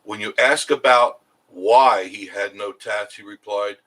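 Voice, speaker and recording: A man's voice: fairly low pitch, a little slow, sharp tone, rough recording. A middle-aged man hosting a casual live stream, rambling and chuckling as he answers viewer comments.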